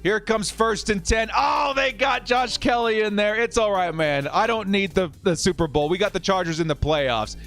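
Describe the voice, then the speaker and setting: A high-pitched man in his thirties hosts a live fan watch stream, calling plays and reading out donation messages. He talks with exuberant energy and breaks into shouts. Faint music plays behind him. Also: moderate pace, hardly any pauses. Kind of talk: excited live game commentary and chat reading.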